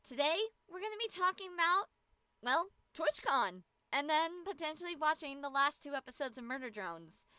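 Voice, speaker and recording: A woman's voice: high-pitched, expressive, normal speed, pushed and bright, no echo, lo-fi sound. A woman chatting casually on a stream as a VTuber, bubbly and chatty but tired and yawning.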